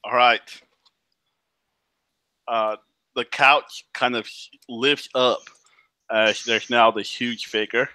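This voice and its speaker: Guy running a tabletop game, bright clear voice, lots of ums and laughs. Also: medium pitch, fairly even intonation, takes it slowly, long pauses, no echo. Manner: casual, laughing often, many fillers. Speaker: game master.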